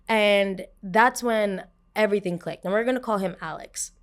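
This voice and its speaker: Animated young woman telling a story. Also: normal speed, few pauses. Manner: animated, acts out quotes with raised pitch. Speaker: podcast host. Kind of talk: casual storytelling.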